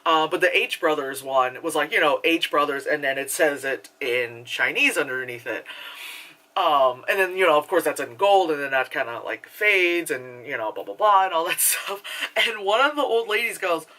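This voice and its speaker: A woman's voice: low-pitched, animated, moderate pace, sharp tone. A young woman reviewing a movie in a loose, rambling way, full of "like", casual swearing and frequent laughter.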